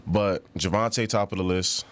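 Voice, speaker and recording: Unhurried and steady, a low-voiced man with a New York accent joins in casual podcast banter as a co-host. He's laid-back and slangy and laughs often.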